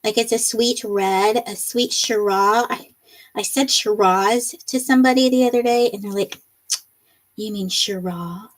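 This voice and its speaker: A woman's voice: a little high, fairly even intonation, moderate pace, poor audio. A woman hosting a casual livestream, reading viewer comments aloud and laughing often between them. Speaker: livestream host. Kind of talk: casual live-stream chat reading comments.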